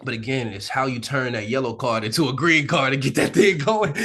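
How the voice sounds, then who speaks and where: A male actor as an interview guest, telling candid stories in a relaxed, animated way, often laughing and acting out the people he quotes. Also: medium pitch, normal speed, breathy edge. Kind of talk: candid conversational storytelling. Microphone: sit-down interview mic.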